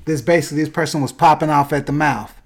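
A man tells a story in casual chat. He is animated and bursts into loud acted-out quotes. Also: on the high side, fast, gravelly. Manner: animated, acts out quoted voices loudly.

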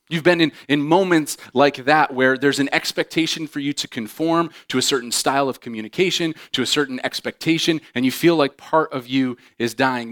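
A man preaching a sermon as pastor, animated and often acting out quoted voices with humor. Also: medium pitch, no room sound, clean studio sound.

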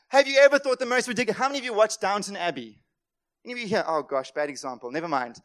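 Male pastor, high-pitched, passionate sermon delivery with sharp loud-soft swings. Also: lively intonation, racing. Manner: impassioned, swings between loud emphatic lines and quiet asides; acts out voices of worried people.

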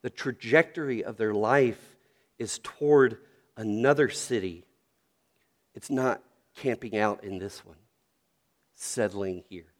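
A man's voice: fairly low pitch, slow pace, long pauses. A middle-aged man from North Carolina, a pastor preaching a sermon with storytelling and earnest questions.

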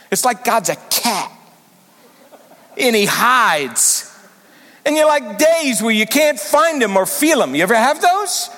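A man preaching as senior pastor in an animated, emphatic way, his voice sitting a little high for a man. He swings between quiet asides and sudden loud rises, and it carries through a long hall reverb. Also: unhurried. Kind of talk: sermon.

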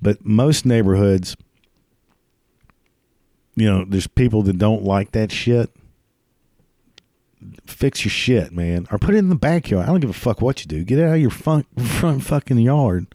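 Low, mellow-voiced man, crude swearing comedic ranter, dry close recording. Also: animated, a little slow, long pauses, no echo. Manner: crude, swears constantly, laughs at his own jokes. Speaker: ranting commentator. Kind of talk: profane comedic rant.

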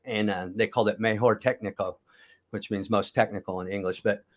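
A man's voice: lowish voice, fairly even intonation, brisk. A man in his fifties from Kansas, a former wrestler telling long stories in a casual interview, often correcting himself as he goes. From Kansas, USA. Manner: rambling, self-correcting storyteller.

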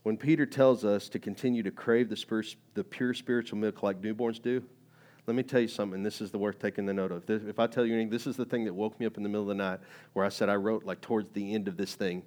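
A man preaching a sermon in a conversational, animated way, full of fillers and rising emphatic bursts. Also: lowish voice, quick pace. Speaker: pastor.

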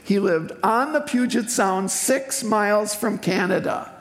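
An older speaker from eastern Wisconsin giving a personal testimony sermon in a church sanctuary, telling the story in a heartfelt, unhurried way with emotional swells. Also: medium pitch. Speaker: guest speaker at a church service. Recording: echoey hall with faint music.

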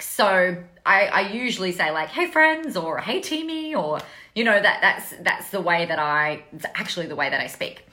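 A woman's voice: mid-range voice, bright, forceful tone. A woman with an Australian accent, chatting casually to camera as a business coach, telling a story with lots of swearing and laughter.

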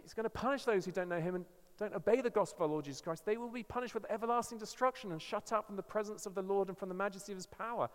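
An English man preaching a sermon as a guest speaker, earnest and emphatic, often restarting his phrases. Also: high-pitched. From England. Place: church. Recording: church hall with long reverb.

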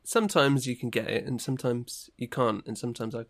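Relaxed teasing man. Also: medium pitch, a little fast. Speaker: podcast co-host. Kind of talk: casual chat.

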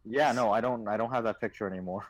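A man's voice: on the low side, fast talker, a crowd in the background, low-quality recording. A young man co-hosting a casual podcast, rambling and restarting as he retells things. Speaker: podcast co-host. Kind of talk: casual chat.

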